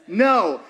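A man preaching a sermon as pastor, animated and playful, firing questions at the congregation and acting out voices. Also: high voice, background noise. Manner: animated, asks the crowd many questions; playful, acts out quoted voices.

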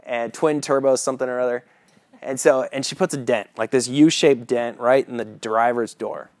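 A man's voice: medium pitch, fairly even intonation, moderate pace, dry recording. A man preaching a sermon, telling a personal story in a casual, chuckling way and often asking the listeners "right?".

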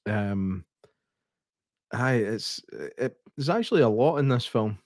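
A Scottish man weighs up a film in a thoughtful way, pausing on ums as he works through his points. His voice sits in the middle of the male range, and the recording is dry and close. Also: mid-range voice, lively intonation, no room sound. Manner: thoughtful, hesitant, with frequent ums. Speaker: podcast co-host. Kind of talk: casual film review chat.

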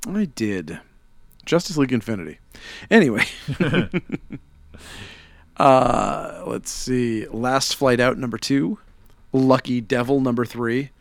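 A man's voice: medium pitch, animated, slow, vocal fry, long pauses, no echo. A man with a Chicago accent, hosting a casual chat and reading through new comic releases with frequent laughs. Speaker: comic shop podcast host.

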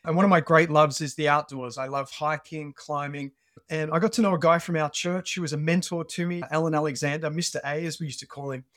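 Australian male guest, lively storyteller, slightly higher voice, dry close mic. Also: brisk, dry recording. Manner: animated storyteller. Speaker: podcast guest. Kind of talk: conversational interview.

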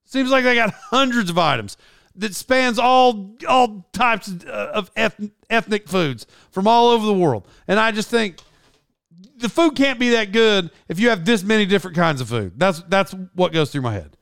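A man's voice: high-pitched, animated, moderate pace, fairly bright tone, clear, resonant tone, no room sound, studio quality. A man from Oklahoma with a slight twang, telling casual stories in a rambling, self-correcting way and laughing often. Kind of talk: casual storytelling chat.

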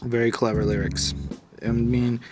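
A man's voice: mid-range voice, fairly even intonation, normal speed. Chatty man riffing casually over music. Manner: loose, rambling, joking, frequent "you know what I'm saying". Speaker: podcast co-host reviewing an album. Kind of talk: casual chat.

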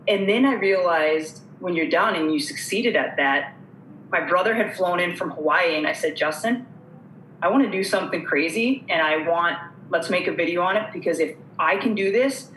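Bright-voiced woman telling her story. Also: on the low side. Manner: animated, laughs while telling. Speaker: podcast guest. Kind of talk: casual storytelling. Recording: echoey room with faint noise.

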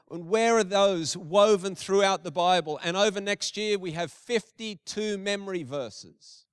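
Middle-aged male pastor, high clear voice, dry and close, preaches casually with emphatic repetition. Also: no echo. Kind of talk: sermon.

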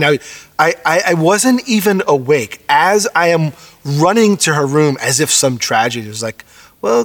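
A middle-aged man preaching a sermon as pastor, earnest and conversational, acting out quotes with animated shifts. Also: mid-range voice.

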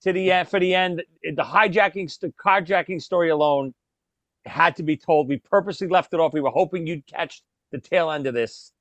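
A man's voice: fairly high pitch, fairly quick, a bit bright, no echo, dull audio. A man hosting a talk show, chatting casually as he wraps up a long episode. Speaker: show host. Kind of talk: casual radio show chat.

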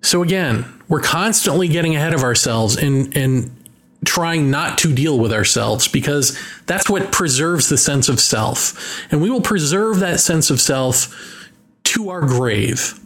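Slow, wry man musing aloud. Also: on the high side, lively intonation, fairly bright tone. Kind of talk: casual monologue.

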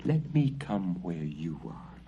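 A man voicing a thin, sly female cat in a soft, whispery storybook voice, on a dull lo-fi recording. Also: low-pitched, very animated, takes it slowly, a little hiss or hum, full character voice. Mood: hushed conspiratorial.

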